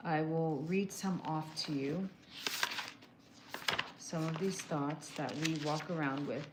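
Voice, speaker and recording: A woman's voice: sits low, takes it slowly, pauses often, a little mellow, a little hiss or hum. A woman hosting a casual live stream, giving wellness advice directly and answering viewers with pet names. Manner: direct, calls viewers "girl" and "my love". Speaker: livestream host doing emotional scans. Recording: echoey room.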